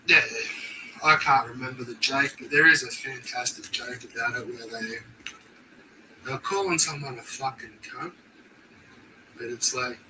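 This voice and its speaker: A man's voice: medium pitch, unhurried, pauses often, far from the mic, background noise. A young Australian man chatting casually on a stream, laid-back and swearing constantly in slang.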